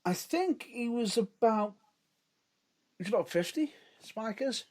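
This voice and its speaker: Male podcast co-host, casual chat, hedges a lot, lively bouncing pitch. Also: unhurried. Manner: hedging, restarts often, lively rises and drops.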